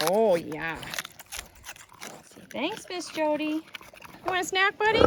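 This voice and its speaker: A woman's voice: sits high, huge pitch swings, slow pace, long pauses. A woman homestead vlogger talking casually and affectionately to her pigs as she hand-feeds them in an outdoor pen. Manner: coaxing, affectionate pet talk to animals. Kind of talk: casual talk while hand-feeding pigs. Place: outdoor farm pig pen. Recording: loud pig grunts and farm noise.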